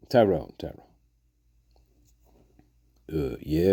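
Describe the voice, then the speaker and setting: A man's voice: lowish voice, lively intonation, normal speed, dark tone, no room sound, studio quality. A man hosting his own channel in a casual, rambling vlog, joking around and laughing often. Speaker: channel host.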